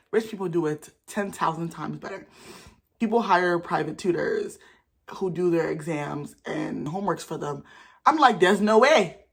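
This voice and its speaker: A young woman, telling stories to camera in a casual vlog in an animated, sassy way. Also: husky. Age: young adult. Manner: animated, sassy, talks fast with sudden jumps in pitch. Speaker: vlogger.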